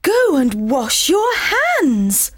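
A woman's voice: mid-range voice, wildly swooping pitch, drawn-out words, full character voice. A woman voicing a fussy mother who scolds her son in a children's audio story, with exaggerated, sing-song delivery. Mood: scolding.

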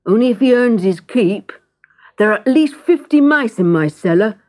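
A woman's voice: fairly high pitch, expressive, normal speed, darkish tone, natural voice. A woman voicing a big, jolly male baker in a storybook reading, hearty and kindly but firm.

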